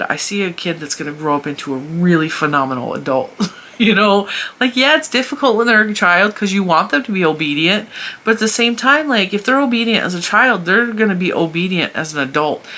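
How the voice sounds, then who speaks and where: A woman's voice: deep voice, bright, forceful tone, slight background noise. A woman in her forties chatting casually to camera as host of a crochet channel, talking freely and laughing often between thoughts, recorded on a phone set up in front of her. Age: 40s. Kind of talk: casual vlog chat. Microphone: phone mounted in front of her.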